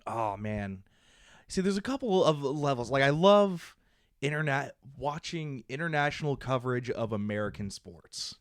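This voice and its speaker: A man's voice: medium pitch, normal speed, dry recording, clean studio sound. A young man co-hosting a comedy podcast, chatting casually and laughing often as he tells stories. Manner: laughs often, animated storytelling. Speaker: podcast co-host.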